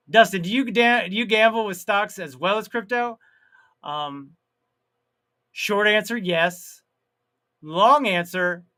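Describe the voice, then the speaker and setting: A high-voiced man hosts a live stream, chatting casually and reading viewer comments out loud. He laughs at his own jokes, elongates words, and breaks into sudden loud outbursts.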